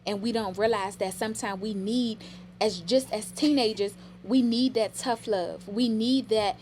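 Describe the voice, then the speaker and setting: A middle-aged woman speaks in a casual podcast chat, recounting family memories with open emotion. Her voice sits at an ordinary pitch, and a faint hiss runs under it. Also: normal speed, darkish tone. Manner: emotional, storytelling. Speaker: podcast guest.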